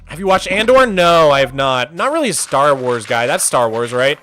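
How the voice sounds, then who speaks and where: A man's voice: on the high side, sing-song, normal speed, pushed and bright. A young man hosting a live stream in casual chat, reading and answering viewer messages. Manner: chatty, reads chat aloud, loose restarts. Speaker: streamer host.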